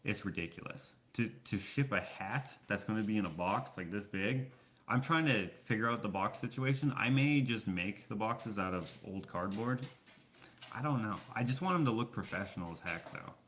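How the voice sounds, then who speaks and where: Rambling low-voiced man vlogging. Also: animated, moderate pace, a bit bright, a little hiss or hum. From Canada. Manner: rambling storyteller, many fillers. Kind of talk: casual Q&A vlog chat.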